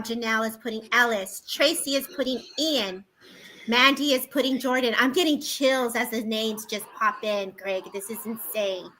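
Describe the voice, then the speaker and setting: A woman's voice: on the high side, bright, forceful tone, a little hiss or hum, rough recording. A woman hosting a livestream, reading out viewers' comments in an eager, emotional way. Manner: eager and emotional, quick to exclaim. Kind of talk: casual live chat.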